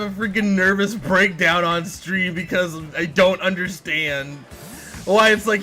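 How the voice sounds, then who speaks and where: A man streaming a game live, excitable and exasperated, talking to his chat and to the game. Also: sits high, measured pace, soft background music.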